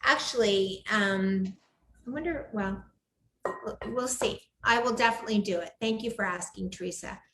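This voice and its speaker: A woman's voice: medium pitch, normal speed, background noise. A woman hosting a live cooking show from her home kitchen, chatting with enthusiasm and gushing over the food. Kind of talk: live cooking demo chat. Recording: echoey room.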